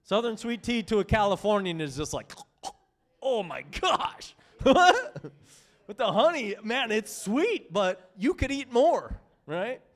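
A man preaching a sermon with passion, swinging between loud excitement and hushed, tender reading. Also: high-pitched, unhurried.

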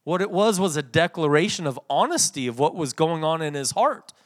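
A man preaching a sermon, swinging from loud emphatic passages to soft, quiet readings. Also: fairly high pitch, expressive, a little fast. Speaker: pastor.

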